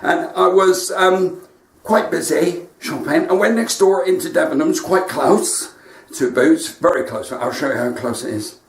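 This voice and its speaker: A man's voice: a little high, measured pace, distant mic. A male stand-up comedian with a West Country English accent, telling cheeky jokes on a live stream from home with asides to his viewers. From West Country, England. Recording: echoey room, voice from off mic.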